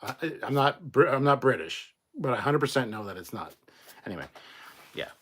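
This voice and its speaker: A man's voice: mid-range voice, animated, fairly quick, fairly bright tone, breathy edge. Blunt Canadian man chatting casually. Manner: blunt, swears freely, rambling asides. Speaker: host reading viewer comments. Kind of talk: casual live chat.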